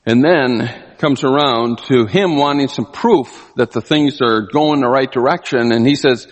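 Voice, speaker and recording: A man preaching a sermon, animated, often acting out the people he quotes. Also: medium pitch, unhurried, hardly any pauses. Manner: animated, acts out quoted voices. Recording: long hall reverb.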